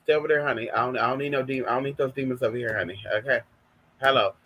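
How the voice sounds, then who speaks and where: A woman's voice: rumbling low, rapid-fire, fairly bright tone, a little hiss or hum. A woman from California, sassy, chatting casually to viewers on her live stream and calling everyone honey.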